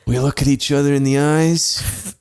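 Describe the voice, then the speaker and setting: A man's voice: on the high side, steady tone, normal speed, darkish tone, smooth. A young man on a comedy podcast, casually telling a story, swearing often and laughing.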